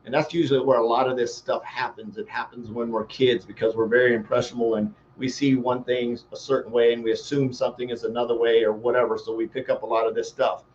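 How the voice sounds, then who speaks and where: A male life coach talks in a folksy, rambling way, spinning homespun analogies as he goes. His voice sits at an ordinary middle pitch for a man. The recording is a little dull, with a faint hiss of background noise behind him. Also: little pitch movement, fast, hardly any pauses. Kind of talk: motivational talk.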